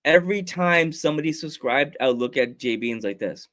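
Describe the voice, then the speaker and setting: A man's voice: fairly high pitch, a little fast. A man hosting a casual podcast, telling rambling stories with lots of restarts and laughter. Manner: animated storyteller, acts out scenes with funny voices and sound effects. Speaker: podcast host. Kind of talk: casual chat.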